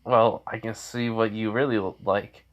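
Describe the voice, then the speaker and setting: A man's voice: lowish voice, fairly even intonation, moderate pace, highs cut off, close to an everyday voice. A man voicing a brash, cocky teenage boy ninja in a casual fan-story retelling, with a teasing manner.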